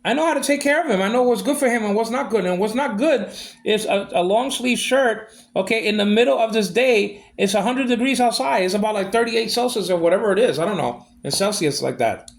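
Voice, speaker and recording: A man's voice: sits high, a little fast, gravelly. A man ranting in a monologue, aggrieved and repeating himself as he vents. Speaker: vlogger.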